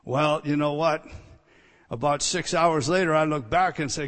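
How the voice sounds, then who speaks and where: A male pastor delivering an emphatic sermon with a notably high voice. He repeats key phrases and swings from loud declarations to quiet, hushed asides. The sound carries the long reverb of a large hall. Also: moderate pace.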